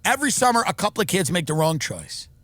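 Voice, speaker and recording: A male podcast comedian riffs in a sarcastic, animated rant. His voice is high and bright and swings widely in pitch. The recording is dry and close. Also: fast talker, dry recording. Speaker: podcast host.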